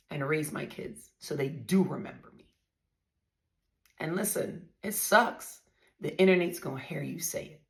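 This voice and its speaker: A woman's voice: sits low, lively intonation, measured pace, creaky, fairly bright tone. A woman talking casually to her viewers, blunt and profane, telling a story with strong emphasis.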